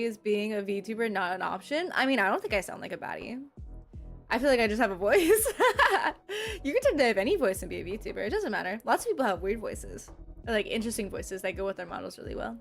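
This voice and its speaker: A young woman streaming as a VTuber, chatting casually with her viewers, rambling and laughing often. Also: on the high side. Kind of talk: casual livestream chat, reading and answering chat.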